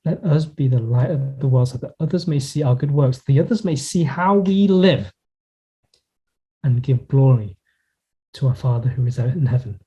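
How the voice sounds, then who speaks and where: Earnest male pastor, mellow voice. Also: mid-range voice, lively intonation, breathy edge. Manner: earnest, reflective preaching with pauses and slowed emphasis. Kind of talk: sermon. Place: church in Hong Kong.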